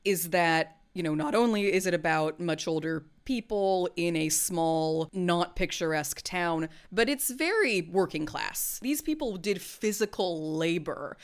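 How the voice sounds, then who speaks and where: A woman's voice: on the low side, expressive, unhurried, hardly any pauses, clear, resonant tone. A woman co-hosting a podcast in casual chat, talking animatedly, swearing freely and laughing often. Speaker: podcast co-host.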